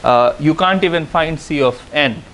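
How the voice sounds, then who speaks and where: A man giving a university lecture, explaining step by step with frequent "uh" and "okay" pauses. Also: fairly high pitch, fairly bright tone, slight background noise, low-quality recording. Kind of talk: classroom lecture on game theory.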